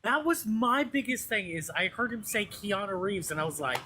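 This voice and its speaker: A man's voice: high voice, big pitch swings, moderate pace, sharp tone. A man co-hosting a live stream, joking in casual banter. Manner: jokey banter. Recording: noisy background hiss.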